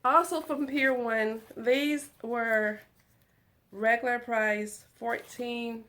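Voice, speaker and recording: A woman vlogging from her lounge room at home, chatting excitedly and giggling as she talks to her viewers. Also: fairly high pitch, drawn-out words, a little hiss or hum. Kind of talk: casual chat to viewers.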